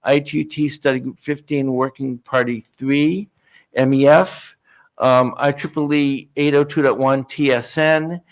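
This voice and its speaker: A man of middle pitch leads a technical meeting from a conference room microphone. He talks in an easy, polite way, with plenty of fillers and restarts as he works through his material. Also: fairly even intonation, measured pace. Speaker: working group presenter.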